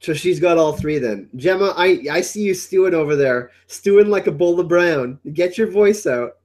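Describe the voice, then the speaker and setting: A man hosting a casual livestream chat, excitable and rambling, often repeating his words. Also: high voice, normal speed. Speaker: livestream host.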